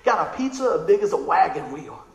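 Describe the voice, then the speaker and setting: A high-pitched man delivers a sermon, excitable and chatty, telling stories and often checking in with his listeners. His voice rings around a big room with a lot of echo. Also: fairly quick, gravelly. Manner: animated, excitable storytelling; conversational, asks the crowd questions. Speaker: preacher.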